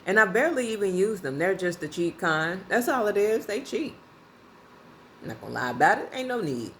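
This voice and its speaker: A woman vlogger telling a casual story in a lively, colloquial way, often breaking into laughter. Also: medium pitch, fairly quick, a little hiss or hum. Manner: animated, laughing, colloquial and conversational.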